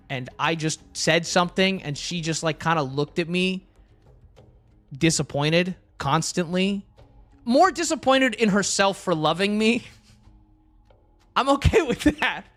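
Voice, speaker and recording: High-voiced man rambling casually on stream. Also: measured pace, fairly bright tone, soft background music. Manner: rambling, joking, answers chat, many fillers.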